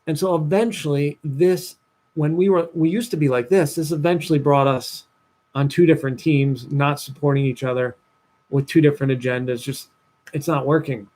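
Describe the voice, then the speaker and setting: A young man, a dating coach talking to viewers on a livestream, telling a personal story with lively voiced-out asides. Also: normal speed. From New Jersey, USA. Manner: animated storytelling, acts out his past self in a higher voice.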